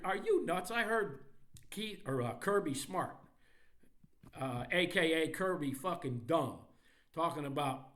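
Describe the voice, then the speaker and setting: A man hosts a podcast, ranting about sports in an angry, mocking way with heavy profanity. His voice sits fairly high, swings widely in pitch, and has a fairly bright tone at a moderate pace.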